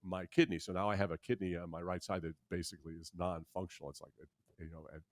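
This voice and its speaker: A deep voice with flat delivery and a dry recording belongs to a man in his sixties who is a guest in a candid interview. His storytelling is animated yet halting, full of restarts, and he does voices for those he quotes.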